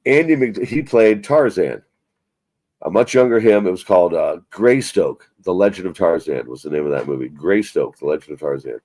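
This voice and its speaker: A man's voice: low voice, expressive, moderate pace, a little mellow, no echo. A man hosting a casual live stream, rambling and swearing as he chats about movies. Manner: rambling, profane, self-mocking. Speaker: livestream host.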